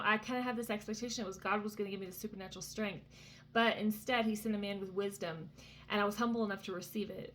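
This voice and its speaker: A woman in her thirties tells a faith story in a chatty, earnest way, with lots of "um" and "you know." Her voice sits at an ordinary middle pitch. A faint hiss of room noise runs under her. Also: a bit bright. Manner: chatty and earnest, many fillers and asides. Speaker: Christian vlogger. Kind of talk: casual faith testimony. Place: vacation cabin indoors.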